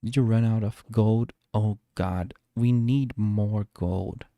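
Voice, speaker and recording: Low, mellow-voiced man rambling over gameplay. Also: fairly even intonation, slow, dry recording, studio quality. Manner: rambling, self-talking, restarts often. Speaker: streamer. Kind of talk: live gameplay commentary. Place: home.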